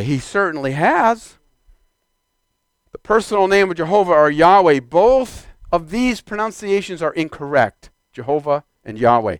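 A man preaching a sermon, moving from quiet, measured teaching to loud, exclaimed calls to the congregation. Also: fairly high pitch, very animated, clean tone, no room sound.

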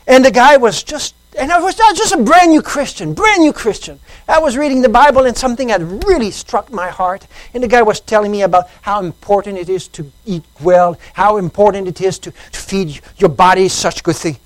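A man's voice: animated, fairly quick, hardly any pauses, no room sound, low-quality recording. Male preacher, dry sound. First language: French. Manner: impassioned preaching, rising to loud high emphasis. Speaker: pastor. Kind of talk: sermon. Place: church service.

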